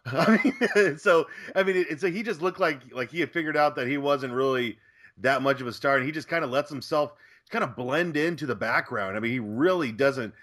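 A man's voice: medium pitch, moderate pace, a bit bright. A man co-hosting a casual movie podcast, rambling with many "I mean"s. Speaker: podcast co-host. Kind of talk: casual movie review chat.

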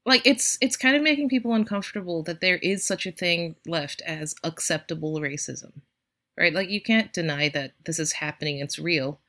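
A woman's voice: fairly low pitch, moderate pace, a bit bright. A woman hosting a podcast, chatting casually and searching for her words as she goes. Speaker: podcast host. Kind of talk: casual chat.

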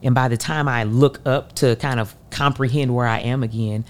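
A woman in her thirties from the United States, an Olympic hurdler telling a race story as an interview guest, acting out quotes with sudden leaps in pitch. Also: moderate pace. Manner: animated, acts out her own voice and others in quotes. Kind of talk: emotional storytelling.

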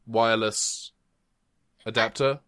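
A man as game master narrating a tabletop game, rambling and halting, recorded remotely at home. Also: fairly low pitch, fairly even intonation, a bit bright, clean tone, no echo, clean studio sound. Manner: rambling, halting with many restarts. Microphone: remote call mic.

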